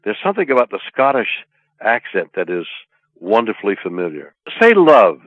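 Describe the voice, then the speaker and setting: An older man from Canada speaks from deep in his chest, pausing over long fillers and turning playful between them. The line is thin and tinny, like a phone call, and completely dry with no room around it. He sounds like a guest chatting loosely with his host. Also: big pitch swings, no echo. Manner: halting, many drawn-out fillers, playful. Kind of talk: casual interview chat.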